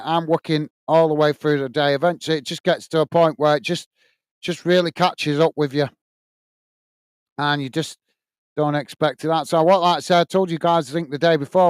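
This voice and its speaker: A man's voice: a little high, clean tone, dry recording, studio quality. A man hosting a football watch-along, chatting casually, reading out viewer messages and calling the play. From United Kingdom. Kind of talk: casual live commentary and chat reading.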